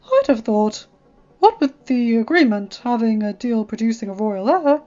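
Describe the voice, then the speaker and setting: A woman's voice: a little high, animated, moderate pace, dark tone, soft background music, close to an everyday voice. A woman voicing a pompous male king of the gods in a fan fiction read aloud, on a dull lo-fi recording.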